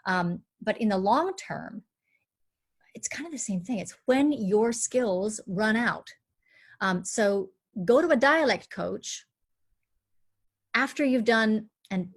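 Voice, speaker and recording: A woman dialect coach speaks on a live online panel. She sets out her points in clear steps, with a lively, engaged delivery. Her voice sits at a middle pitch.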